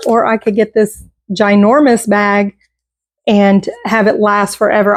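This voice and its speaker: A middle-aged woman chatting casually about a grocery haul at home, self-deprecating and quick to laugh, with plenty of restarts. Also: a little high, slight background noise. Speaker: vlogger showing a grocery haul. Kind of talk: casual chat.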